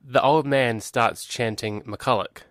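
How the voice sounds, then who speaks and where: A man's voice: medium pitch, slow, a bit bright, no room sound. Dry-voiced man griping about films. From Scotland. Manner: wry, exasperated film griping. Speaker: podcast co-host. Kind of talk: casual chat.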